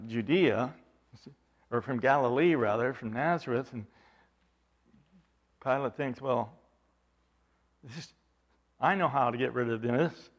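A man preaching a sermon, retelling a scripture passage with quoted dialogue and frequent restarts. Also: mid-range voice.

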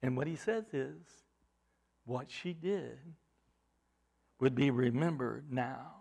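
A man's voice: medium pitch, slow pace, gravelly, mellow. A man preaching a sermon to his congregation, pressing his points with rising emphasis and repeated words.

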